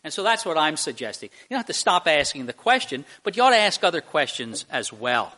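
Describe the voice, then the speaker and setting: A male pastor preaching a conversational sermon in church, halting with fillers and restarts and speaking directly to the children. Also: a little high, big pitch swings, sharp tone. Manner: addresses children in the congregation directly.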